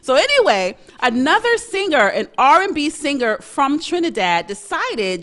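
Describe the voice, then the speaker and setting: A young woman from Brooklyn hosts her own talk segment, chatty and outspoken. Her voice sits fairly high and swoops all over the place. She laughs easily and dips into a Caribbean lilt when she gets going. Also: big pitch swings, normal speed, fairly bright tone. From Brooklyn, New York. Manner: chatty, opinionated, laughs often, slips into Caribbean dialect. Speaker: host. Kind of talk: casual talk-show commentary.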